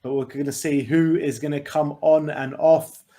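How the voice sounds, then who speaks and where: A man's voice: a little high, normal speed. A man co-hosting a live football watch-along, chatting casually and calling the play as it happens. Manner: relaxed, commenting on the match as it happens. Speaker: fan co-host.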